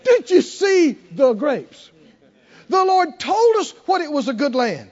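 A man voicing a bold older male believer who rallies a frightened crowd with excited, emphatic calls. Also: very high voice, very slow, creaky, big-room sound, pitched above the performer's own voice, heavily acted. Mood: rousing. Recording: dull lo-fi recording.

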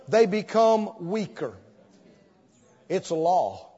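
A man preaching a sermon, telling an animated story and acting out the scenes as he goes. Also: sits high, slow pace, pauses often, slightly rough. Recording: dull sound, long hall reverb.

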